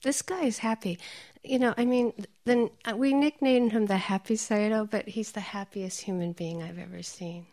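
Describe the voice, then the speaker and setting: Animated woman meditation teacher. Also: medium pitch, moderate pace. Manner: animated, laughs often, drops to soft whispers. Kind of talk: dharma talk with anecdotes.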